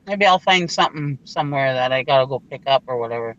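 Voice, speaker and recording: A woman's voice: extremely low pitch, lively intonation, fast, fairly bright tone, dull audio. A woman from Minnesota with a northern Minnesota accent, chatting casually and laughing often as she tells stories. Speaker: truck driver and reseller on a live hangout. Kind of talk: casual chat.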